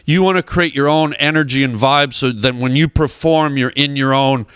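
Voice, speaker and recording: A man, a comedian, telling stories in casual chat as a guest in a radio studio, animated and acting out voices. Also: mid-range voice, normal speed, clean tone, no room sound. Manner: animated storyteller who acts out voices. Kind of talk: casual storytelling on a radio show.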